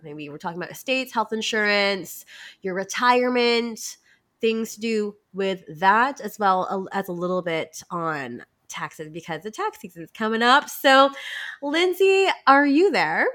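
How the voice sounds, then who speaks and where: A woman's voice: mid-range voice, expressive, unhurried, fairly bright tone. A woman hosting a podcast, chatty and upbeat with many fillers, congested from a cold. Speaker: podcast host. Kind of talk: casual podcast intro.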